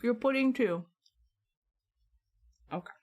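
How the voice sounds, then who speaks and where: A woman's voice: on the high side, slow, darkish tone. A woman streamer chatting casually with her viewers from home, rambling along and laughing often.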